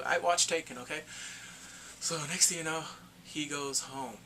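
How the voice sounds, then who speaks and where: A man giving a casual spoken movie review, retelling the plot excitedly and acting out the characters' lines. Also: on the high side, moderate pace, a little hiss or hum.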